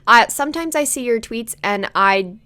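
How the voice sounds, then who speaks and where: A woman's voice: fairly high pitch, animated, normal speed, bright, forceful tone. A young woman co-hosting a podcast, chatting casually with dry jokes and lots of "like". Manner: chatty, dry joking, frequent "like". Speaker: podcast co-host.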